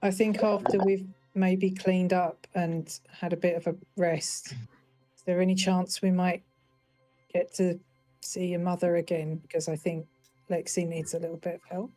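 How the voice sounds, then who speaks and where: Gentle woman with a mellow low voice. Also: flat delivery, unhurried, soft background music, rough recording. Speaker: player. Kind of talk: casual tabletop play.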